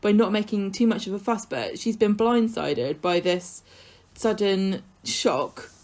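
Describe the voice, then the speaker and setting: A woman's voice: mid-range voice, measured pace, a little mellow. A woman co-hosting a podcast, casually giving her opinions on soap scenes. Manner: opinionated, comments on what the scenes mean. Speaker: podcast co-host. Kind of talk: casual chat recapping a soap.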